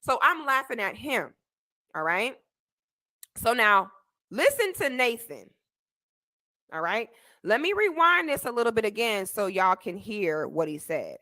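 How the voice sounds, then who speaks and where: A young woman streamer with a high, bright voice that leaps all over the place. She tells her story expressively, laughing and acting out what people said. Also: unhurried, pauses often. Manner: expressive, laughing, acts out quotes. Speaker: streamer reacting to a clip. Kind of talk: animated storytelling commentary.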